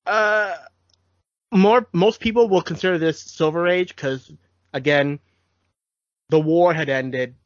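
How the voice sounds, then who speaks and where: A man's voice: fairly high pitch, slow pace, long pauses, no echo. Chatty man, dry muffled mic. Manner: rambling, restarts, film-buff enthusiasm. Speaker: podcast co-host. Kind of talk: casual chat.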